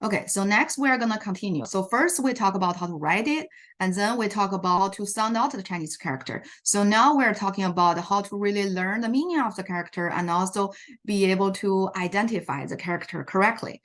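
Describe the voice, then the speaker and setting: Woman teacher walking other teachers thru classroom tips, lots of ums and uhs, mid pitch. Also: fairly bright tone. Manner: halting, frequent ums and uhs. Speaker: Chinese immersion teacher. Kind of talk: teacher training presentation.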